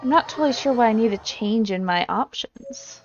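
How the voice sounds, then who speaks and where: A woman's voice: a little high, animated, moderate pace. Woman streamer reading out her game choices, kinda dull lo-fi sound, game music underneath. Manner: wry, reads her dialogue choices aloud. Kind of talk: gameplay commentary.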